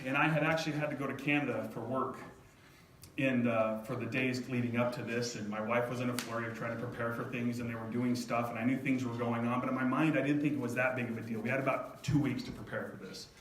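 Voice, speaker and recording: A middle-aged man telling a personal story to an audience, animated and self-mocking, often laughing. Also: medium pitch, fast talker. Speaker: speaker at a live event. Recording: echoey hall from far off, faint noise.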